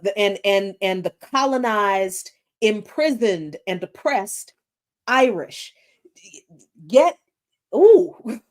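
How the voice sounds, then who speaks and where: A woman hosting an unscripted political commentary stream. She talks slowly, her pitch swinging widely as she presses her points. She often hunts for the right word, with restarts and fillers, then lands blunt, forceful statements. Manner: searching for words, many fillers and restarts, blunt and emphatic.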